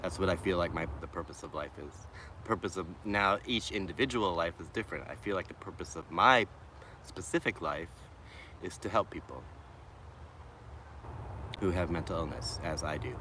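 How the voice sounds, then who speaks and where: Background noise sits under this man's low-pitched voice as he livestreams outdoors from a shady, wooded city park. He's a Boston native with a faint accent, reading viewer comments and musing on them at a relaxed pace, with sentences that trail off and start again.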